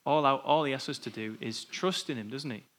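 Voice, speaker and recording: A man's voice: medium pitch, fairly quick, fairly bright tone. A man preaching an informal sermon in a church, talking in a conversational way and thinking aloud before opening the floor for discussion.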